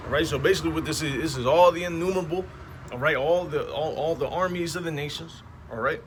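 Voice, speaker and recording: A man with a slightly high voice street preaches at a fast clip outdoors beside passing traffic. His talk is slangy and emphatic, peppered with "man, all right?"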